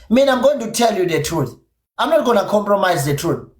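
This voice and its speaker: A South African man with a Zulu-inflected accent, his native isiZulu tongue showing through. He hurls blunt, profane, repetitive jabs in a livestream rant, and his pitch leaps up and down wildly. The room around him rings with echo. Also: lively intonation, a little fast. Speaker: podcast streamer. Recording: echoey room.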